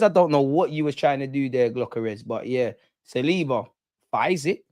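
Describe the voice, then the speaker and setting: A man's voice: mid-range voice, moderate pace, dry recording. A young man hosting a live football watch-along, reacting passionately with slang, banter and frequent swearing. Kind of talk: live match reaction commentary.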